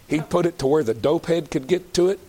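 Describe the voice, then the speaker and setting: A man's voice: on the high side, fast, dark tone, slightly rough. A man preaching an evangelistic sermon, fervent and emphatic, pleading with his listeners.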